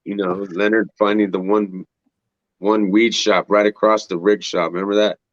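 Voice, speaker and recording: A man's voice: on the low side, little pitch movement, moderate pace, no echo, highs cut off. A man guest on a podcast, reminiscing in a laid-back, sweary way with frequent laughs. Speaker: podcast guest, drum tech. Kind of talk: casual chat.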